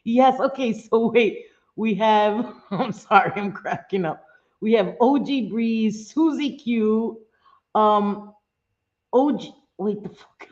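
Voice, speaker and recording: A woman's voice: a little high, lively intonation, slow pace, darkish tone, lo-fi sound. A woman hosting a casual live stream, thanking viewers, swearing casually, laughing often and dropping in Spanish phrases.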